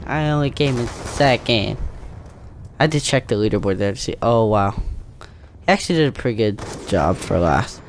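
A young man giving excitable, joking commentary over his own gameplay, trash-talking and yelping at sudden moments. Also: on the low side, moderate pace, low-quality recording. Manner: excitable, jokey trash talk with sudden yelps. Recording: faint gunfire and game noise. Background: gunfire from the game.

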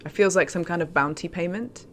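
A woman's voice: on the low side, fairly quick, slight background noise. A woman chatting casually on a live stream as she plays a game, in a self-mocking way.

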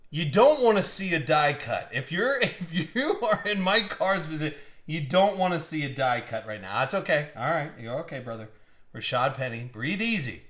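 A man with a slightly high voice calls out a live card break at home, excitable and teasing, laughing often between pulls. His voice rings in a roomy, echoey space. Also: moderate pace. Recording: roomy echo.

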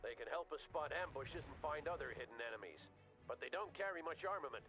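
A bold, authoritative colonel issuing orders in a war game. His voice sits a bit high and clipped, with clear game music behind. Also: expressive, fast talker, muffled recording. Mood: commanding. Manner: curt, authoritative. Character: bold commanding male American colonel. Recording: game audio over game music.

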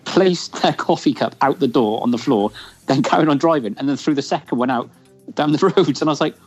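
Brief: male podcast co-host, quick talker, matter-of-fact storyteller. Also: medium pitch, slightly rough, dull audio, faint music behind. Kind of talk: casual chat.

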